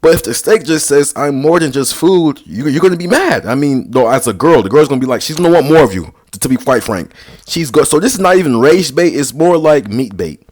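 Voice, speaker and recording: A man's voice: fairly high pitch, big pitch swings, fairly quick, a little mellow. A young man rambling casually through dating advice, slangy and sarcastic, full of basketball lingo. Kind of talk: casual vlog talk.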